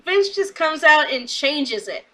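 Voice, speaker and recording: A young woman recapping a wrestling show in a casual vlog, chatty and excitable, quoting people in quick asides. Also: sits high, low-quality recording.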